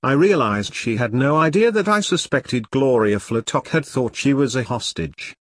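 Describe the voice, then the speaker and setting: A man reads a long detective story in a husky, breathy voice with a lively rise and fall. The sound is close and dry, with no room around it. He reads the punctuation aloud as words. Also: mid-range voice, normal speed, no echo. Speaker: reader. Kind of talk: machine-read story narration.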